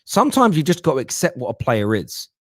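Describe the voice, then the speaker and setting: A man hosts a fan football show, talking in a lively, slangy way as he answers viewer comments. His voice sits in a middling register. The sound is dry and close. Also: medium pitch, fast, no echo. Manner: animated, mocking put-on voices, London slang like "bruv". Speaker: football talk show host.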